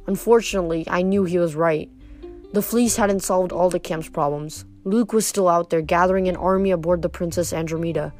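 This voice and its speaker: A woman's voice: on the low side, a little fast, darkish tone, soft background music. A woman reading a novel aloud expressively, with occasional slips and restarts. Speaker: reader.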